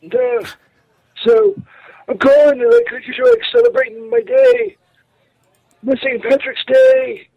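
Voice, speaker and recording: A man voicing a rambling, tipsy Saint Patrick in a halting, slurred voicemail. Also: extremely high pitch, sing-song, gravelly, highs cut off, full character voice.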